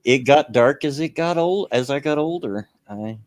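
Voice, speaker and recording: A man's voice: mid-range voice, lively intonation, moderate pace, no echo. A man, hosting a livestream chat in a folksy, rambling, self-deprecating way. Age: 60s. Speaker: stream show host.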